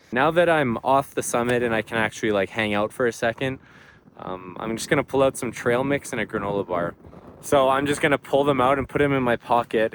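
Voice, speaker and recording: A man's voice: lowish voice, slight background noise. A young man vlogging casually outdoors on a mountain hike, chatty and upbeat with lots of fillers. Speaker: hiking vlogger. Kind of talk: casual vlog talk to camera.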